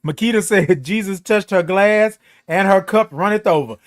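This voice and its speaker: With the camera close to his face, a man runs a casual morning show livestream from a Christmas-decorated home. He speaks at a moderate pace in a high, playful voice, chatting with viewers, greeting them by name, and drawling.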